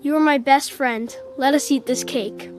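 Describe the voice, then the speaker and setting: A woman voicing a sensitive young boy in a slow storybook for learners, speaking simple lines clearly. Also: sits high, steady tone, lightly acted. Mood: apologetic. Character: young boy on his birthday, sensitive and emotional. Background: background music.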